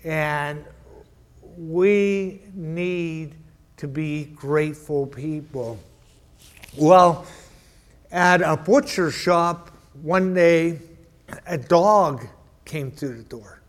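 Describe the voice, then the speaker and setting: A man's voice: a little high, extremely slow, long pauses. A man preaching a sermon in a church, telling a joke and often repeating words as he restarts. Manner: stammering repetitions, storytelling. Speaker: pastor.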